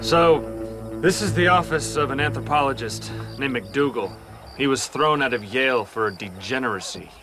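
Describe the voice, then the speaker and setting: A man's voice: medium pitch, moderate pace, over loud music, close to an everyday voice. A man playing a curt commanding official. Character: brusque male government official, curt and commanding. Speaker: video game character.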